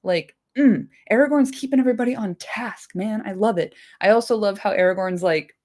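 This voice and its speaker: A woman's voice: medium pitch, a little fast, darkish tone. A woman hosting a casual book-chat podcast, rambling along with lots of fillers and cheerful swearing. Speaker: podcast host.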